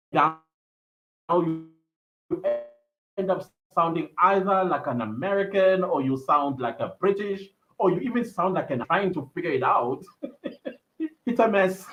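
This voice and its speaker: A young South African man hosting a livestream, chatting casually and reading viewer comments aloud with frequent laughter. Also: on the high side. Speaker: livestream host. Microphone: computer mic on a live stream. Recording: slightly dull lo-fi stream audio.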